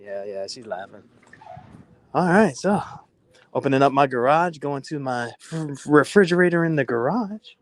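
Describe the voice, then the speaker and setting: A middle-aged man casually chatting on a phone live stream while walking around his house, loose and profane, laughing often. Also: a little high.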